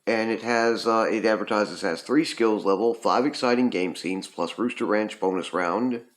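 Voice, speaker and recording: A man's voice: lowish voice, normal speed. A man casually reviewing a retro video game, rambling with lots of ums and uhs. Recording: roomy echo.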